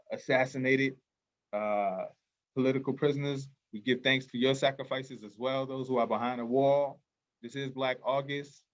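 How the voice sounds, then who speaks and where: A man's voice: medium pitch, lo-fi sound. Earnest man leading a call-and-response. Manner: call-and-response chant with quiet answers, then earnest, passionate speech with fillers. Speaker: festival organizer and host. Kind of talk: libation call-and-response, then heartfelt talk.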